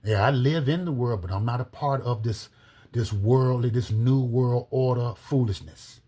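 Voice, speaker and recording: A man giving a slow, deliberate scripture-based teaching, reading verses aloud and spelling out words letter by letter. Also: mid-range voice, dark tone, slightly rough. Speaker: religious teacher.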